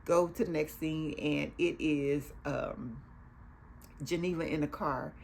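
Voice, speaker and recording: A woman's voice: sits low, fairly even intonation, slow, vocal fry, darkish tone, a little hiss or hum. A woman hosting a casual recap of a TV show, chatty, acting out the characters' lines as she goes.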